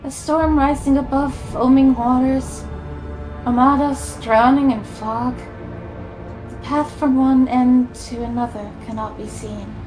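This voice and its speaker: Cassia-type solemn noble navigator with a warp eye, formal and high-voiced, unhurried, read by a woman. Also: fairly even intonation, darkish tone, soft background music, poor audio. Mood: visionary. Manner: formal, archaic, reverent reading. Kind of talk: reading game dialogue aloud.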